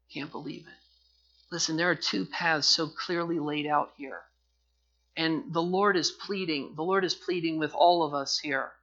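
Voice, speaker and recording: A male pastor preaching in a church sanctuary, his raised, bright voice carrying the sermon. He swings between forceful emphasis and hushed, pleading passages. The recording sounds dull and muffled. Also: a little high.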